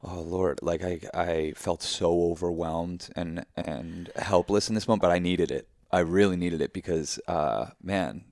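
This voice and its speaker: Deep gravelly man, emphatic and effusive. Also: steady tone, measured pace, hardly any pauses, darkish tone, no echo, clean studio sound. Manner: emphatic and effusive, swears freely, spiritual talk. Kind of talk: casual heartfelt conversation.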